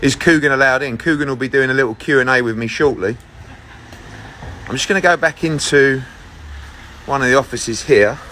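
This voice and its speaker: A middle-aged sports promoter walks with his phone in hand, live-streaming to viewers in a brash, upbeat way, swearing casually and sounding a little out of breath. His mid-range voice is pushed and bright at a normal speed with long pauses. The low-quality recording has a bit of hiss or hum.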